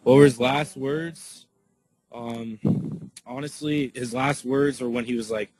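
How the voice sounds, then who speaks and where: A man giving a casual spoken eyewitness account to his viewers, answering questions in a halting way full of "like" and restarts. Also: medium pitch, a little mellow, a little hiss or hum, rough recording. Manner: halting, filler-heavy, lots of "like" and restarts.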